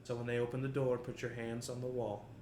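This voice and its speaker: A man voicing a weary female prisoner who urges a newcomer in a hushed way. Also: medium pitch, monotone, fast, background noise, close to an everyday voice. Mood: urgent. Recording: roomy echo.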